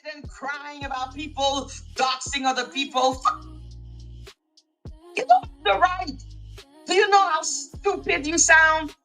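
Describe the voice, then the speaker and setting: A woman's voice: high-pitched, steady tone, slow, pauses often, pushed and bright, faint music behind, rough recording. A woman playing in a livestream clip, ranting angrily with scornful insults. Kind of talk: angry livestream rant.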